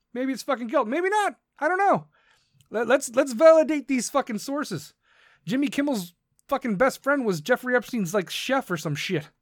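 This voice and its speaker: A man's voice: extremely high pitch, a bit bright, no echo, studio quality. A man hosting a podcast, ranting in a profane, combative and sarcastic way. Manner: mocks others in put-on voices. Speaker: podcast host. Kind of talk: ranting monologue.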